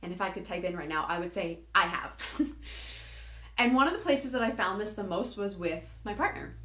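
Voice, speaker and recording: A woman hosts a live self-help stream in an animated, coaching voice. Her pitch sits mid-range and the room around her rings with echo. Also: normal speed. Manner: animated, acts out quoted friends. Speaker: host.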